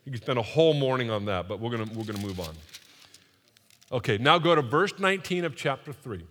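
A man preaching a sermon in a church, energetic and joking, leading the congregation to repeat phrases after him. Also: medium pitch, brisk. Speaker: pastor. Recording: long reverb of a large hall.

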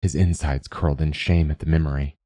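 Male narrator for a fantasy storybook: low, steady, measured, dry close-mic sound. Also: dry recording.

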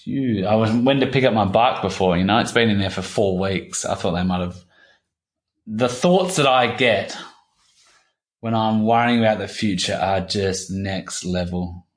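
Halting, low-voiced man in his thirties. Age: 30s. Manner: halting, repeats himself, swears casually. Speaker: interview guest. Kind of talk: candid personal conversation.

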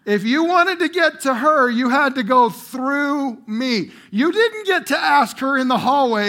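A middle-aged man preaching a sermon to a congregation, swinging from loud emphatic bursts to quiet drawn-out phrases. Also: very high voice, lively intonation. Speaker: pastor. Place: church room before a congregation.

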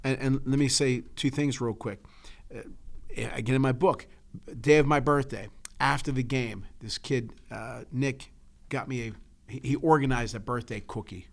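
A man's voice: medium pitch, steady tone, moderate pace, vocal fry. A man who coaches, talking in a casual chat and telling stories with emotion, often repeating words as he starts over. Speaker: coach and podcast co-host.

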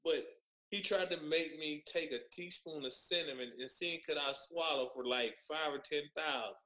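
A man telling lively stories from his playing days in casual chat, acting out what others said. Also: a little high, normal speed, reverberant, low-quality recording. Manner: animated storyteller, acts out others' lines. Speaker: former pro basketball player guest. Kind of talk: casual storytelling on a podcast.

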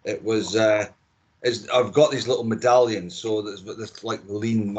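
A man's voice: on the low side, steady tone, a little slow, breathy edge, muffled recording. A middle-aged man with a Scottish accent, chatting casually as a podcast guest, opinionated and prone to repeating himself. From Scotland.

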